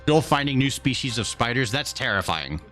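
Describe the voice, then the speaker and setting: A man hosts a live stream in a mid-range, sing-song voice with a fairly bright tone, moving at a moderate pace over soft background music. He's laid-back, reading and answering his chat casually with easy chuckles.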